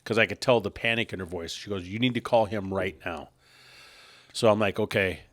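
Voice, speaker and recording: Rambling low-voiced man telling a story. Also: a little fast, fairly bright tone, no room sound. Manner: rambling storyteller, laughs at his own punchlines. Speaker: podcast co-host. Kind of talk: casual podcast chat, storytelling.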